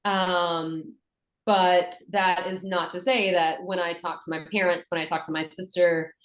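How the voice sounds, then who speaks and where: A chatty woman with a softened Western North Carolina Southern accent talks in an interview, her voice sitting a little low. She restarts her sentences and fills them with ums. The room has a noticeable echo. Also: measured pace. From Western North Carolina, USA. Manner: chatty, animated, with fillers and restarts. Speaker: voice actress and dialect coach. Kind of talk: conversational interview.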